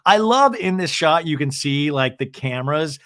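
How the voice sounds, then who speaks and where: A man's voice: fairly high pitch, lively intonation, normal speed, fairly bright tone, no echo. A man hosting a podcast, casually recapping a reality show and acting out the cast members' lines. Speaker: podcast host.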